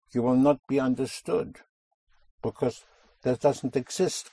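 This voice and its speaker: Patiently repeating and correcting a student's answers, a man guides spoken drills in a language lesson. His mid-range voice is slow, warm, and slightly rough.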